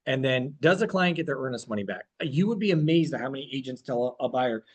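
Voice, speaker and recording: A man's voice: medium pitch, animated, fast talker. A man speaking as a real estate broker, giving a direct, plain-spoken training talk to agents.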